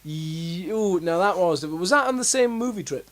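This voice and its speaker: A man's voice: sits high, lively intonation, brisk. A young man co-hosting a casual chat about films, rambling with lots of fillers and restarts. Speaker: podcast co-host.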